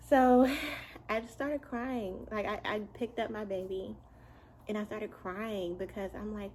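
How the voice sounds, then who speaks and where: A young adult woman telling a casual story at home, chatty and animated, often breaking into laughs. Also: medium pitch, moderate pace, pauses often, a little hiss or hum, low-quality recording. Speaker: vlogger and mother.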